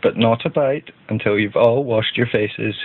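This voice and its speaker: A man voicing a bossy but kind young girl in a storybook, brisk and motherly. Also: mid-range voice, lightly acted. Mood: scolding. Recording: tinny phone-like band.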